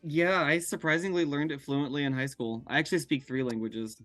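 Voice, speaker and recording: A man from California, a guest telling personal stories in a casual, animated way and laughing often, recorded over a remote call. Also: a little high, brisk, dry recording, soft background music. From California, USA. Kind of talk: casual storytelling.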